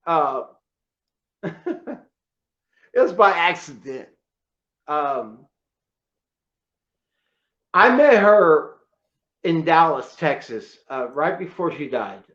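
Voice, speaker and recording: A man co-hosts a casual chat in a fairly high voice, speaking extremely slowly with long pauses on lo-fi audio. He tells emotional stories about his collection, excitable yet choked up at times.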